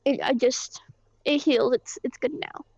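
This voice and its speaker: Woman doing a high squeaky roleplay girl, rambly, lots of ums and swearing, dry dull lo-fi mic. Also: steady tone, gravelly, a little mellow, no echo. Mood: agitated. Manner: rambling and halting, full of fillers and swearing. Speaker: roleplay character recounting events. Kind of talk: casual in-character roleplay storytelling.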